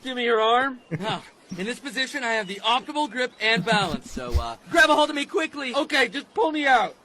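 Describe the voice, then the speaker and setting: A man's voice: extremely high pitch, animated, brisk, crowd noise. A man playing a fussy rescuer who gives bossy instructions.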